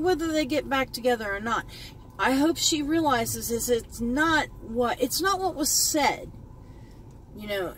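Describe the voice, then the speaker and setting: A beauty vlogger speaks from her parked car in an emotional commentary vlog, her medium-pitched voice heartfelt and rambling. She sometimes chokes up and repeats herself, and the rough recording has a bit of hiss or hum.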